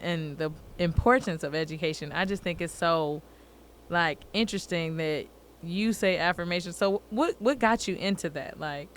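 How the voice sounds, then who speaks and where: A woman's voice: sits low, a bit bright, a little hiss or hum. A woman hosting a casual interview, asking questions and giving many short, encouraging replies. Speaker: interview host.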